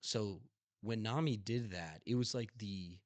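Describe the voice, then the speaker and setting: A man's voice: fairly low pitch, unhurried, a little mellow, no room sound. A young man hosting a podcast in casual chat, telling a story with emphatic passion and the odd swear. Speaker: podcast host.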